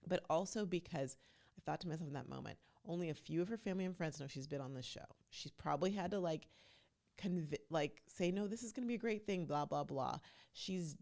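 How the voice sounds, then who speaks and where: A woman's voice: low voice, a little fast, vocal fry, darkish tone. A woman hosting her own podcast, chatting casually and emphatically as she recaps reality TV and speaks straight to her listeners. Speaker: podcast host.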